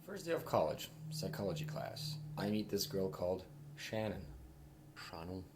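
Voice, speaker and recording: A man from Switzerland telling a casual anecdote in a deadpan, mocking way. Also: low voice, normal speed, noisy background.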